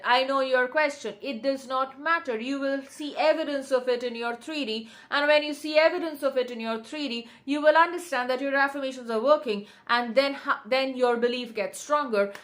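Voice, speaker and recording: A woman's voice: sits high, a bit bright. A woman, a manifestation coach answering viewers on a casual livestream, repeating affirmations with insistent emphasis.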